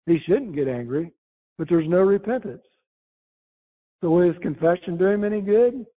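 A man preaching a sermon, reading scripture aloud and explaining it verse by verse, slowing down and rising when he quotes. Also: expressive. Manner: rises in pitch when quoting scripture, slow and emphatic. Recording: tinny phone-like sound.

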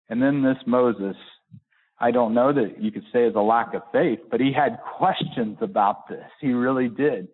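A man preaching a sermon and reading scripture, folksy and full of restarts, rising to high emphatic peaks and slowing down hard to stress key words. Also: breathy edge. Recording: narrow phone-like sound.

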